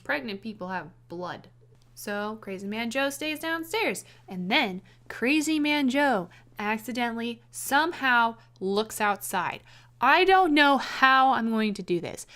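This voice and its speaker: A woman rambling casually about how she would rewrite a film, sarcastic, with quick restarts. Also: on the high side, a bit bright. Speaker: video essayist.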